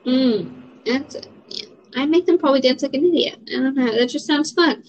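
Young adult woman, fairly high-pitched, frank casual chat, lots of fillers, dull muffled sound. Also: moderate pace. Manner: rambling, filler-heavy, frank. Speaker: vlogger. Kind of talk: casual chat answering question prompts. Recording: dull lo-fi audio.

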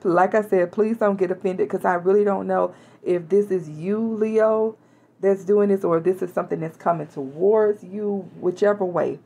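A woman's voice: mid-range voice, fairly even intonation, normal speed, warm tone, slightly rough, muffled recording. A woman reading tarot cards for her viewers in a chatty, casual way, with small laughs and restarts. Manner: chatty, laughs now and then, hesitant restarts. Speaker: tarot reader.

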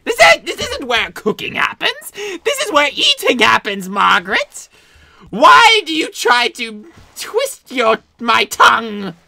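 A woman voicing a manic, villainous male mansion creator who shouts, gloats and cackles. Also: low-pitched, very animated, takes it slowly, no echo, exaggerated voice. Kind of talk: doll play-acting.

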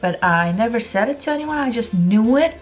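A woman's voice: fairly high pitch, expressive, brisk, soft background music, poor audio. A woman talking casually to her viewers in an opinion vlog, chatty and emphatic, repeating her points and eating as she speaks. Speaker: lifestyle vlogger.

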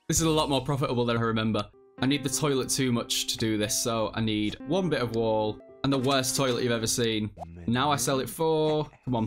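A man chatting through his own gameplay in a non-American English accent. He is self-mocking and swears freely, and laughter keeps breaking into his talk. His voice sits at an ordinary middle pitch, with faint music underneath. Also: a bit bright. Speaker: let's play host. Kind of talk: casual gameplay commentary.

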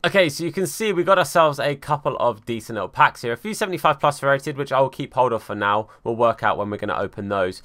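A young man giving live commentary over his football video game, swinging from calm play-by-play to exasperated outbursts. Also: mid-range voice, fast talker, hardly any pauses. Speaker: gaming YouTuber.

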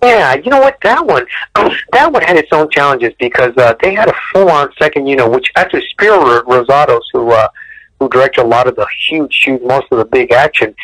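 A man telling stories from his film career in a casual interview, animated, often repeating words and clearing his throat. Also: brisk, no room sound, rough recording. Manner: animated storyteller, acts out quotes with sudden high bursts. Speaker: martial arts director and choreographer, guest.

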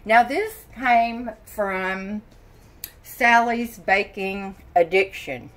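Brief: older woman, home vlogger, unhurried and folksy, tired, mid-pitched. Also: a bit bright. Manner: chatty, folksy, exclaiming often. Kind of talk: casual chat to camera. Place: home kitchen.

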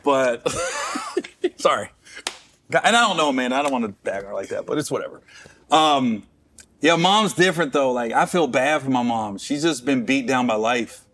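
A man's voice: mid-range voice, normal speed, fairly bright tone. A middle-aged man from Cincinnati, a comedian guest, telling a personal story candidly with restarts and wry asides. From Cincinnati, Ohio. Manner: rambling, with restarts and self-mocking asides.

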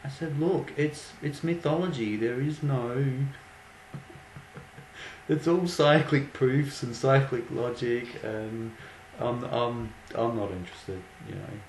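A man's voice: mid-range voice, slow pace. Laughing man telling a story. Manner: amused, laughing often, mocking. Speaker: vlogger. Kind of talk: casual storytelling. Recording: echoey room with faint background noise.

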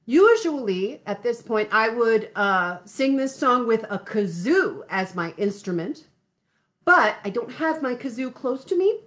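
A woman with a bright, high voice leads a sing-along for little kids from her home, speaking slowly and tenderly as if to a toddler. She chats into a laptop mic, warm and encouraging with her young audience. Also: animated. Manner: gentle, affectionate, talks slowly to small children. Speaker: children's music host. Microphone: laptop computer mic.

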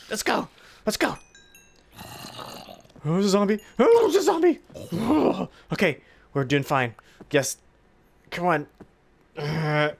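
A let's-play gamer with a creaky, medium-pitched voice gives casual commentary on his gameplay. He talks playfully to a pet pig, hums along, and gets excitable, squealing and gasping in alarm.

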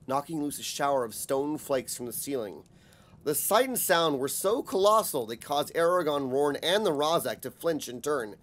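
A man narrating a fantasy audiobook in a measured, steady reading voice. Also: medium pitch.

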